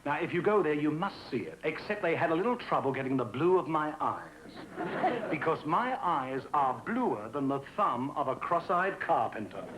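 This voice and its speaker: A man's voice: a little high, animated. A man delivering a jaunty stand-up monologue on an old TV show. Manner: brisk, jaunty joke-telling. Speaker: stand-up comedian. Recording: old TV audio with faint hiss.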